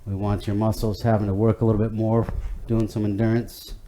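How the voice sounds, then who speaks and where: Low, mellow male fitness instructor. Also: level tone, fairly quick, slight background noise. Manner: easygoing, chatty, many fillers and restarts. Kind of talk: guided workout instruction.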